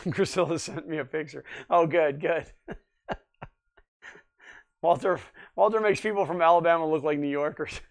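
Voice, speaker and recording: A man's voice: on the high side, moderate pace, pauses often. A man hosting a casual livestream, chatting in a rambling way and answering viewers' comments as he goes. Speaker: livestream host.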